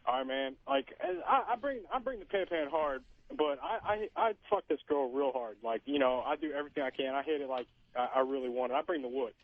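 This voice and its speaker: A man's voice: medium pitch, lively intonation, a little fast, few pauses, no echo. A male caller to a radio talk show, rambling casually with many fillers. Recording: tinny dry phone line.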